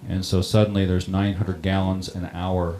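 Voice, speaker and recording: A middle-aged man who runs a town water system recounts a personal story in a plain-spoken, halting way. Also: sits low, little pitch movement, warm tone. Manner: plain-spoken, halting, many ums and restarts. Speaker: water district operator on a panel.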